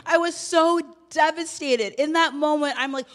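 Woman pastor, high voice, animated sermon storytelling, emotional. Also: normal speed, few pauses.

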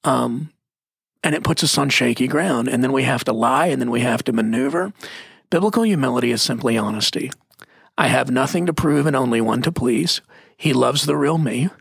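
A middle-aged man talking about faith in an emphatic, preachy way, slowing down to stress key words. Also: medium pitch, gravelly, a bit bright, slightly rough, dry recording, clean studio sound. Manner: emphatic, preachy, drops into slow stressed phrases. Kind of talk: conversational Christian teaching.

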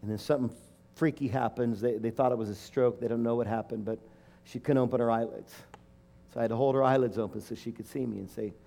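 A middle-aged male preacher delivering a heartfelt sermon. His voice is warm and mellow, and his pitch sits mid-range. He speaks with emotional emphasis and builds to fervent declarations. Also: steady tone, fast, vocal fry. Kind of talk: sermon with personal story.

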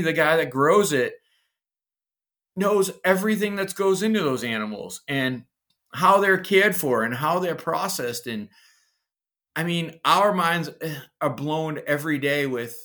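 A man from Massachusetts with a Massachusetts accent, a chef being interviewed, telling stories with animated enthusiasm. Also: on the high side. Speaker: executive chef, guest. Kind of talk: casual interview chat.

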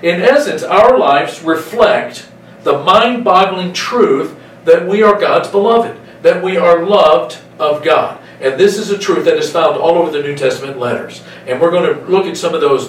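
A man preaching a sermon, emphatic, slowing down to stretch out key phrases. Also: on the high side, a little hiss or hum. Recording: echoey room, voice from some distance.

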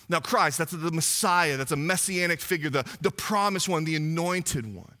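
Pastor guy preaching, high bright voice, chatty and animated. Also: moderate pace, few pauses. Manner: animated, conversational preaching with asides. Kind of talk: sermon.

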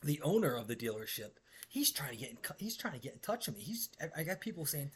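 A man hosting a podcast, telling a rowdy, profane story with brash energy and shouted quoted bits. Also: a little high, big pitch swings, quick pace, slightly rough. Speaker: podcast host.

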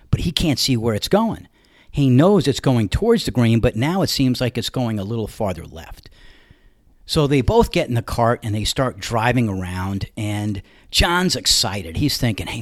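A man's voice: mid-range voice, no echo, studio quality. Man telling a golf story, New York accent. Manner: animated, laughing while telling. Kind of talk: casual storytelling.

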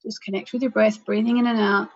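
A radio host and astrologer with a mid-range female voice speaks fast and in a level tone, with the highs cut off on a plain, reverb-free microphone. She guides listeners through a meditation, leads chants, and chats with callers in a soothing, friendly manner.

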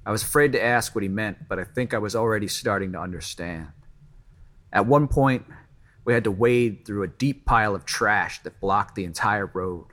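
Male narrator, lowish voice, measured first-person story reading. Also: fairly bright tone.

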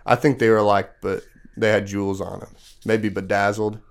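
A man's voice: on the low side, little pitch movement, moderate pace, vocal fry. A male podcast host casually retelling a Bible story to children, full of fillers and often stopping to quiz them. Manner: casual, asks the kids questions; loose storytelling with many fillers.

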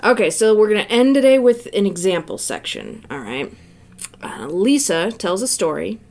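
A woman's voice: mid-range voice, sing-song, moderate pace, darkish tone. A woman co-hosting a casual podcast, summing up a book with dry sarcasm and reading quotes aloud. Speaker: podcast co-host.

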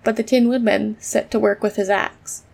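A woman narrating a children's storybook in a steady, even reading voice. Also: medium pitch, normal speed, creaky.

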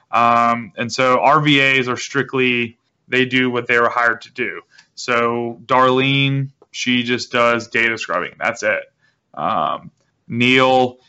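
A man guest explaining his business in a relaxed, rambling interview manner, with many restarts. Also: mid-range voice. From South Carolina. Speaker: guest, real estate wholesaler. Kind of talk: casual interview talk. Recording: dull lo-fi audio.

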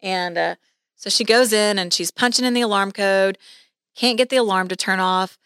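A woman's voice: medium pitch, moderate pace, clean tone, no echo, clean studio sound. A woman real estate agent telling a story in a casual podcast chat, acting out the voices of the people in it. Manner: animated, acts out quoted voices.

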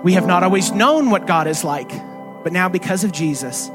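Male pastor, high pitch, loose conversational preaching with rhetorical questions. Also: lively intonation, normal speed, over music. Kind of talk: sermon.

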